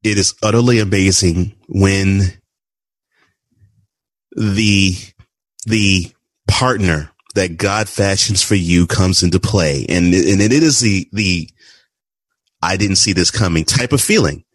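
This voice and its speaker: A man's voice: deep voice, slow, no room sound. A man hosting a casual faith-based interview, asking questions and reacting with frequent exclamations. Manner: expressive, exclaims often. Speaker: podcast host.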